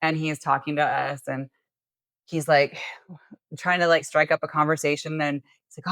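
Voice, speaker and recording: A woman's voice: deep voice, level tone, normal speed, a bit bright, no room sound. A woman hosting a podcast, telling a story in casual chat, acting out dialogue and swearing freely. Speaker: podcast host.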